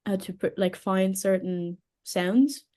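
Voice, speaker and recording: A woman's voice: mid-range voice, slow pace, warm tone. A German woman whose first language is German, speaking English with an Irish-tinged accent, chatting as an interview guest who laughs easily and jokes about herself. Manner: laughs easily, self-deprecating. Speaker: guest, speech and language therapist. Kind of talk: casual interview chat.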